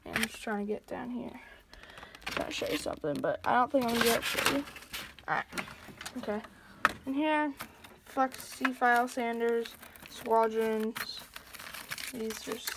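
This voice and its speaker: A woman's voice: fairly high pitch, very noisy. A woman giving a casual tour of her scale model workbench, rambling and hesitant with many fillers, recorded at home.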